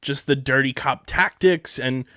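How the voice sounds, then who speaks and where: A man's voice: medium pitch, a little slow, a crowd in the background. A man from the Philadelphia area co-hosting a podcast, talking about a TV show in a casual, rambling way with lots of fillers and restarts. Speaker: podcast co-host. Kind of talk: casual show review chat.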